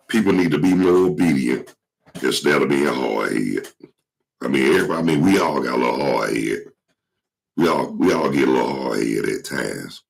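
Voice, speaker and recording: A man with a cold and a hoarse throat, rambling casually to his viewers in slangy, swear-filled talk. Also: extremely low pitch, low-quality recording. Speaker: vlog host.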